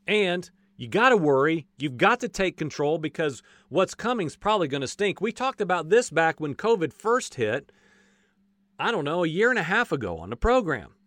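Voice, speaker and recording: A man preaching a casual, animated sermon, acting out voices from the stories and joking as he goes. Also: on the high side, moderate pace, dry recording. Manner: folksy, says "y'all" and jokes.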